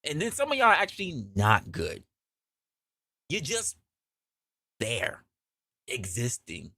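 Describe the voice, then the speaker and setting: Animated, foul-mouthed male podcast host. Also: medium pitch, slow, gravelly, no room sound, clean studio sound. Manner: animated, profane, acts out scenes in voices. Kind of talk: comedic opinion monologue.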